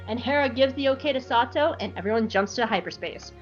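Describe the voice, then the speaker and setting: A woman's voice: on the high side, fairly quick, hardly any pauses, highs cut off, soft background music. A woman podcast host recapping an episode in casual, joking chat. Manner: animated, joking, irreverent.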